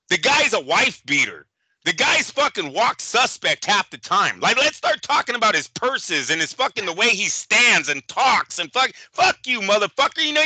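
A man's voice: high voice, sharp tone, slightly rough, no echo, rough recording. A man co-hosting a boxing chat show, ranting with lots of swearing and mocking others in put-on voices. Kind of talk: casual podcast chat.

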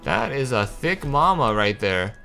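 A young man giving casual, excitable commentary over a video game, venting his frustration and swearing. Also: on the low side, a little slow, soft background music. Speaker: gaming channel host.

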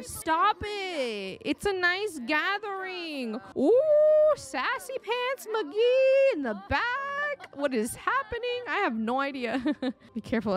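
A woman streaming a life-sim game, chatting excitably with frequent gasps and laughs. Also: sits high. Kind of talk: casual gameplay commentary.

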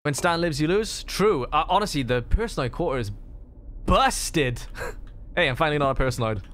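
A man streaming a game, chatting with friends in quick, sarcastic banter. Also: on the high side, lively intonation, fairly bright tone, slight background noise. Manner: sarcastic, fast-talking banter. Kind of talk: casual gaming chat.

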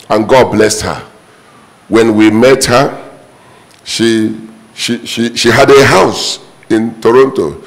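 Lively, emphatic male preacher. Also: mid-range voice, slow pace, creaky, long pauses, low-quality recording. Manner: emphatic, repetitive preaching with sudden rising exclamations. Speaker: pastor. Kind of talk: sermon.

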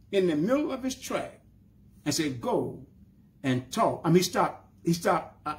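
Southern preacher, man, high-pitched voice, emphatic bursts and stretched-out phrases. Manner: preaching with rising emphatic bursts and slow drawn-out lines. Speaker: pastor. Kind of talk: sermon.

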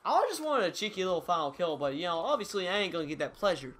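A man's voice: high-pitched, sing-song, quick pace, a bit bright, slight background noise. A young man giving casual, rambling, self-mocking commentary over his own gameplay. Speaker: gaming YouTuber.

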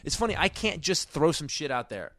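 A man's voice: a little high, very animated, brisk, a bit bright, no echo, clean studio sound. A middle-aged man, a guest comedian, telling a story on a podcast in a rambling way, full of restarts. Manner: rambling, self-interrupting, many restarts. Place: podcast studio.

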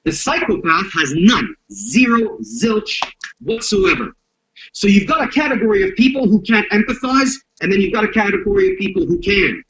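A man's voice: high voice, very animated, moderate pace, a bit bright, a little hiss or hum. A man speaking as a self-defense instructor in an interview, blunt and profane, acting out street confrontations as he explains violence. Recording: dull lo-fi audio.

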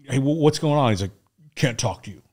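Appearing on a podcast, a man who served as a Navy SEAL recounts war and contracting stories in a brisk, mid-range voice. The casual interview has him acting out dialogue with lots of energy, laughing frequently and swearing freely.

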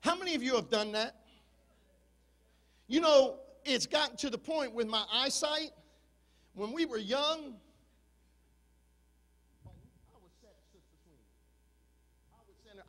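A man in his fifties, a pastor preaching an impassioned sermon that swings from shouting to low, confiding talk. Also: takes it slowly, long pauses, big-room sound.

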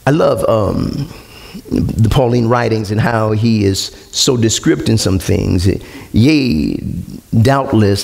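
A man preaching a sermon to his congregation, calling out questions and rising to shouts. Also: fairly low pitch, creaky. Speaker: pastor. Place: church sanctuary with congregation.

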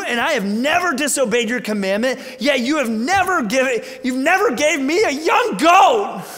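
A man voicing a resentful, angry young older brother who shouts his complaints, in a sermon retelling. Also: extremely high pitch, pitched above the performer's own voice, exaggerated voice. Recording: long church reverb.

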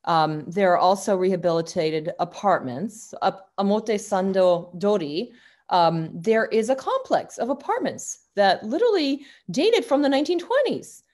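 A woman's voice: medium pitch, lively intonation, a little slow, a little mellow. A woman giving a university lecture, talking without a script, with frequent fillers and restarts.

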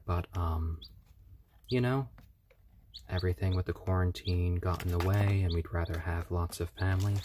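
A man chatting on a live stream in a calm, soothing way, often talking gently to baby chicks. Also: sits low, a little hiss or hum. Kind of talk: casual live-stream chat. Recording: chirping baby chicks behind.

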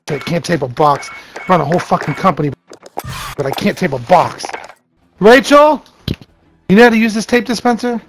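A man's voice: high-pitched, moderate pace, long pauses, background noise. A man streaming games and chatting casually, blunt and swearing freely. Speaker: gaming streamer and company owner. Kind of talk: casual gaming chat.

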